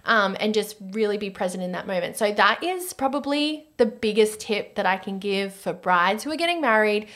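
A woman's voice: medium pitch, expressive, moderate pace, hardly any pauses, a bit bright. A woman with an Australian accent hosting a wedding podcast in casual chat, talking freely with lots of fillers and frequent laughter. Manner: chatty, laughs often, many 'like' fillers.

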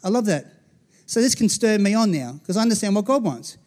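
An Australian man in his forties preaches in a fairly high voice. His tone is loose and conversational, and he keeps turning to the congregation with little asides. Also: expressive, brisk, darkish tone. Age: 40s. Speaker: pastor. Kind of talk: sermon.

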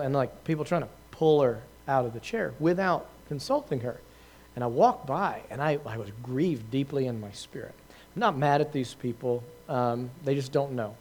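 A man's voice: mid-range voice, a little mellow. A man giving an informal talk to a group, telling a story in a conversational way with many fillers, restarts and laughs at himself. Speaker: preacher answering questions.

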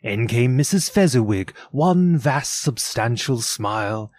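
A man reading a classic story aloud in an expressive, theatrical storytelling manner. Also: mid-range voice, unhurried, no room sound. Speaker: narrator. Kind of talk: dramatic audiobook reading.

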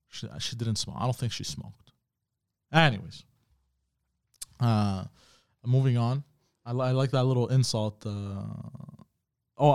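A young man talks on his own podcast in a loose, casual way, swearing freely as he tells stories. He reacts to viewer comments as he goes. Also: medium pitch. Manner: profane, animated storyteller reading chat comments. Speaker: podcast host. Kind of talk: casual solo podcast storytelling.

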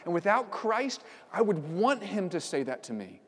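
A man's voice: high voice, big pitch swings, normal speed, slightly rough, big-room sound. A man preaching a sermon as pastor, conversational with frequent fillers and sudden emphatic outbursts. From United States. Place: church sanctuary.

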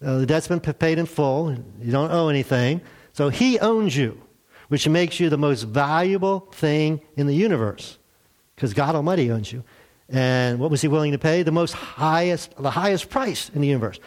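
A man's voice: a little high, expressive, normal speed, darkish tone. A man preaching a sermon in a church, in a conversational way, asking rhetorical questions and telling light jokes. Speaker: pastor.

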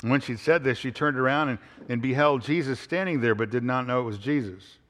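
A man's voice: medium pitch, fairly quick, a bit bright. A pastor preaching an expository sermon in a conversational way, often using fillers and restarting his sentences. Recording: hall reverb.

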